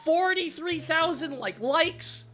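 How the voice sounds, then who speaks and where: A man hosting a live stream in casual chat, excitable and rambling as he thanks donors aloud. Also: very high voice, slow pace. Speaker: streamer host. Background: faint background music.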